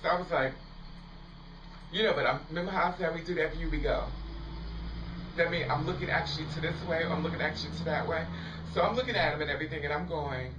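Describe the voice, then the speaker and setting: A woman's voice: deep voice, noisy background. Laughing, foul-mouthed woman in a roomy echo. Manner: chatty, laughs often, swears freely. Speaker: vlogger. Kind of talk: casual storytelling chat to camera. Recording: roomy, distant, dull lo-fi sound.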